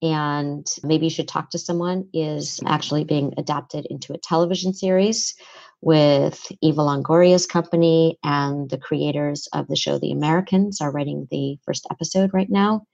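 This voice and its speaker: A woman psychotherapist answering interview questions in a measured, matter-of-fact way. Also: sits low, fairly even intonation, vocal fry, darkish tone, dry recording, dull audio. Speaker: psychotherapist guest. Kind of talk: podcast interview.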